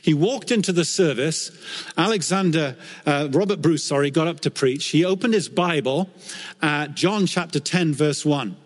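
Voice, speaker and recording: A man's voice: on the high side, moderate pace. Man preaching a sermon in a reverberant hall. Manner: storytelling, earnest and animated in quoted scripture. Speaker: pastor.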